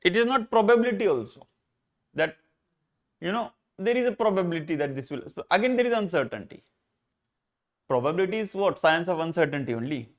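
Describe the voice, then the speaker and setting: Indian guy teaching, higher voice, asks questions then answers, repeats points, drops hindi words. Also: very animated, fairly quick, pauses often. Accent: Indian English. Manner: explains by posing rhetorical questions and answering them; repeats and rephrases key points, slips into Hindi. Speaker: philosophy teacher. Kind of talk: live exam-prep lecture.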